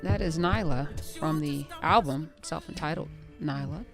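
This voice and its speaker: A woman hosting a radio talk show, bantering and teasing her guest with quick questions. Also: low voice, music in the background. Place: radio studio.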